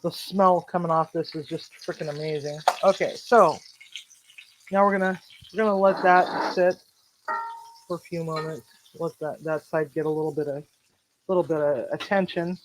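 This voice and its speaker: The host of a home cooking vlog recounts a story in her kitchen, blunt, lively, and liberally sprinkled with swearing. Her voice is mid-range and steady, at a moderate pace. It's a noisy home recording.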